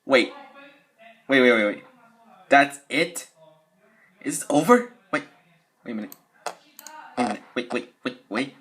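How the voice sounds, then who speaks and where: Excitable fan-video narrator with a bright voice. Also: medium pitch, a little slow, pauses often. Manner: excitable, jumpy, casual swearing. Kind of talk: excitable skit narration with commentary.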